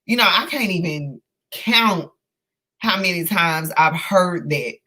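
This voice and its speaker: A woman hosting a live book discussion, earnest and emotional, talking in halting bursts full of fillers and restarts. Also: fairly low pitch, expressive, pushed and bright. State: emotional, close to tears. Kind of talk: casual live-stream discussion.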